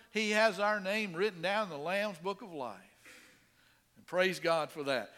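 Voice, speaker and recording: Middle-aged preacher guy, bright tense voice, earnest sermon, goes soft then punchy. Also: sits high, long reverb tail. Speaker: pastor.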